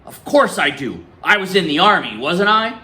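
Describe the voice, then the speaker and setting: A man's voice: high-pitched, big pitch swings, moderate pace, bright, forceful tone, voice pushed up, full character voice. A man voicing a stubborn older grandfather who speaks firmly and with determination. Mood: determined. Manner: firm, determined. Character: stubborn old grandfather, ex-soldier.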